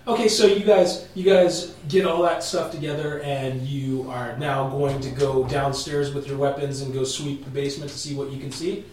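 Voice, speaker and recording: A man's voice: mid-range voice, flat delivery, normal speed, few pauses, darkish tone, slight background noise. A man narrating as game master in a chatty way, laughing often and restarting sentences. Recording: echoey room, mic far off.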